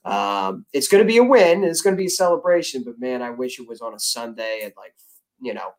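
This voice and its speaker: An American man talking as a podcast guest in a casual chat, animated and loud about his team. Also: medium pitch, fairly quick, low-quality recording. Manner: animated, loud fan talk.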